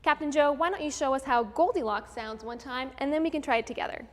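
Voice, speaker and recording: A woman hosting a live virtual music lesson for children, explaining each idea clearly and step by step in an upbeat teacher's manner. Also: high voice, quick pace. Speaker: host of a children's music program. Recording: long room reverb with faint background noise.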